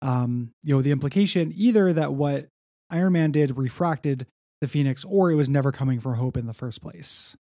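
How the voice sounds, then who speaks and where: A man co-hosting a casual comic book chat, his voice gravelly and mellow, recorded dry and close. He rambles along easily with plenty of fillers. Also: medium pitch, moderate pace, no echo. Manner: laid-back, rambling with many fillers. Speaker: podcast co-host.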